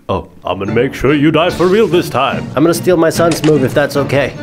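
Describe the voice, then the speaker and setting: A young man giving jokey, excitable commentary on his VR gameplay, often swearing. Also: on the high side, fairly quick, over music. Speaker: gaming YouTuber.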